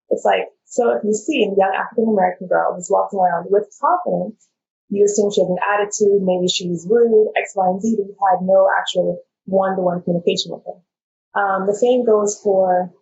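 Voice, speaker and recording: A young woman talks earnestly on a panel, her voice carrying a gravelly edge in a mid register. She slips into livelier quoted voices for what others have said. The audio is dull and lo-fi, with a faint hiss underneath. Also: mid-range voice. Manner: earnest, animated quoting of others' words. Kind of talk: candid panel discussion.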